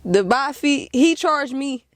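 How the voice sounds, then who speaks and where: A woman's voice: high voice, takes it slowly, dry recording. A young woman, telling a story to camera casually and laughing often. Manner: animated, laughs often, acts out quotes. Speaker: car dealer and vlogger.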